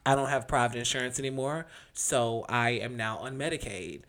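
A man's voice: medium pitch, normal speed, a bit bright. Frank, reflective young man co-hosting. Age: young adult. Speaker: podcast co-host. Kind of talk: casual chat.

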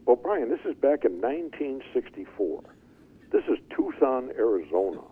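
An older man telling his life story as an interview guest, animated and chuckling as he goes. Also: on the low side, moderate pace, slightly rough. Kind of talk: storytelling testimony. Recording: tinny phone-like line.

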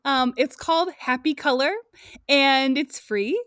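A woman's voice: high voice, a little slow, a bit bright, no room sound, studio quality. A woman co-hosting a podcast in casual chat, chatty, with many fillers and restarts and frequent laughs. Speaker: podcast co-host.

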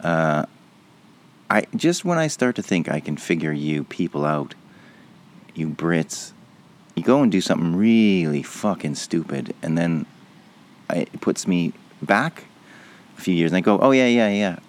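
Man, podcast host, solo rant, very low voice, animated swooping pitch, swearing, mocking. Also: measured pace, pauses often.

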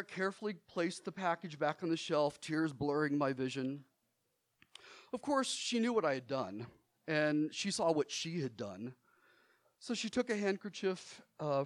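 A middle-aged man telling a personal story from his childhood on stage, theatrical and animated, often laughing as he speaks. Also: on the high side, a little slow.

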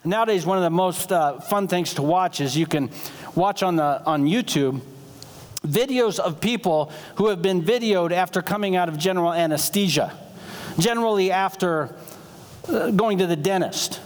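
A man preaching a sermon as pastor, telling stories in an animated, conversational way. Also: sits high, normal speed. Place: church sanctuary. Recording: long reverb of a church sanctuary.

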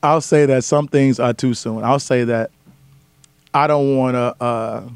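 A man's voice: mid-range voice, clear, resonant tone, no echo. A man, a comedian, talking casually in an interview, telling stories and acting out other people's voices. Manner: fast, animated storyteller acting out voices. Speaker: comedian guest.

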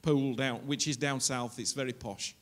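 A man's voice: medium pitch, steady tone, moderate pace, a little hiss or hum. Man, pastor, church welcome, rambling, fillers. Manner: warm, rambling, hesitant with fillers. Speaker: pastor introducing a guest.

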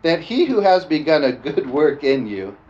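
A man preaching a lively sermon, often calling out "amen?" and joking with the congregation. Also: fairly high pitch, normal speed. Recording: dull lo-fi sound with faint background noise.

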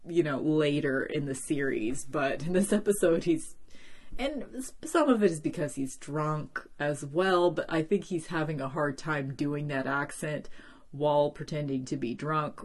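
Low-voiced female host, casual solo recap, rambling with lots of "like". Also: husky. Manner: chatty, many "like" and "um" fillers, animated asides.

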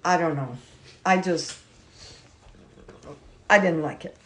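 Female guest, slow and halting, casual and unsure. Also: lowish voice, fairly bright tone. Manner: slow, unsure, many fillers. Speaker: podcast guest. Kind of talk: casual chat.

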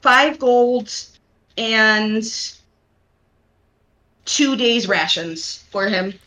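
Woman, tabletop player, bright tone, slow casual chat, swears. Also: on the high side, lively intonation. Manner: chatty, unsure, swears casually.

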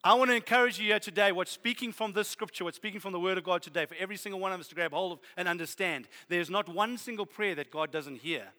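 A man preaching a sermon, animated and humorous, building to loud exhortation. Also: sits high, fast talker, hardly any pauses. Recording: long hall reverb.

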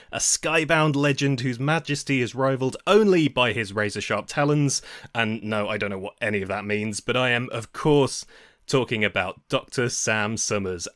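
A man's voice: medium pitch, a bit bright, no room sound, studio quality. A young man hosting a podcast, speaking in a playful, jokey way. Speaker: podcast host. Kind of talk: podcast chat with scripted intro.

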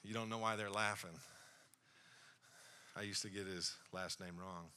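A man's voice: low voice, fairly even intonation, a little slow, bright, forceful tone, clean tone. A man preaching a sermon as pastor, calling out to the congregation and slipping into joking asides.

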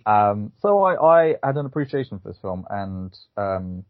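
A man's voice: lowish voice, sing-song, moderate pace, no echo. A man co-hosting a casual film review podcast, talking in a hesitant, rambling way with many fillers. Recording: phone-like thin sound, dry.

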